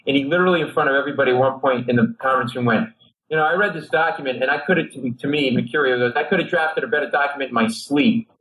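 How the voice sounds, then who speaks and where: On a talk show, a middle-aged comedian from Rhode Island, USA, races through a long anecdote, doing lively impressions of the other people involved. His pitch sits in the middle, and the sound is poor.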